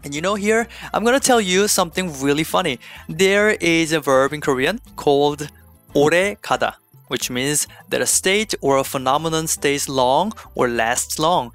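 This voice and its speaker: A man teaching an online language lesson, explaining clearly and slipping in small jokes. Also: on the high side, normal speed, fairly bright tone, soft background music. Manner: playful, slips in small jokes.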